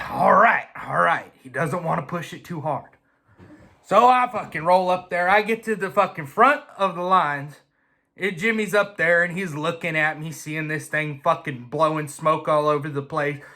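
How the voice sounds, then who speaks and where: Profane, animated man telling a racing story. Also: fairly high pitch. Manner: animated, profane, comic imitations and shouts. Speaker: drag racer telling a race story.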